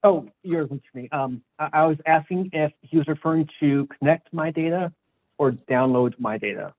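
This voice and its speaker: Hesitant witness on a tinny line. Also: male voice, on the high side, a little fast. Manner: hesitant, many fillers. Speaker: expert witness. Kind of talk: testimony over a remote call. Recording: tinny muffled phone-like line.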